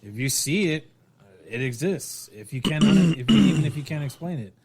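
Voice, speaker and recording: A man's voice: a little high, very animated, fairly quick, crowd noise. A man co-hosting a podcast, telling a story in casual chat with many restarts. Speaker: podcast co-host.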